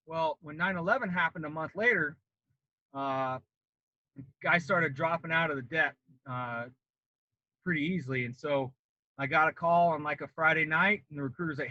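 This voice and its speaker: On a podcast, a Colorado ex-Marine in his late thirties animatedly relates a long story, voicing the people he quotes. He speaks casually at a moderate pace in a fairly high voice, and the recording is dry and lo-fi.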